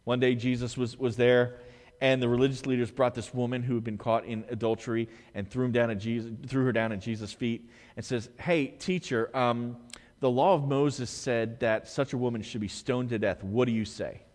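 A man preaches from the pulpit, his voice at an ordinary middle pitch. He swings from loud, emphatic stretches to hushed, quiet ones. A long reverb hangs on every word in the church sanctuary. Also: fairly even intonation, moderate pace. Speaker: pastor. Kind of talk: sermon.

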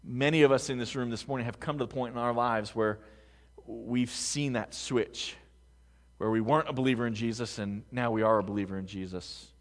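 Preacher in a reverberant hall. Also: male voice, medium pitch, steady tone, brisk. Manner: dynamic, swings between hushed and loud emphasis; conversational, with restarts and rhetorical questions. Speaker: pastor. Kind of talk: sermon. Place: large room with a congregation.

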